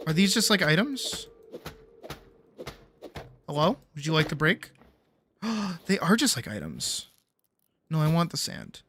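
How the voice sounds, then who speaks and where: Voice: medium pitch, very animated, a little slow, pauses often, a bit bright, breathy edge, soft background music. A young adult game streamer chatting casually and swearing freely while playing. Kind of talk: casual gameplay commentary.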